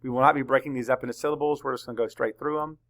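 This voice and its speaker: A man's voice: mid-range voice, steady tone, vocal fry, fairly bright tone. A male teacher leading a spelling lesson for young children, spelling words out letter by letter and answering his own questions. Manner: slow, deliberate, letter-by-letter dictation; asks questions and answers them himself.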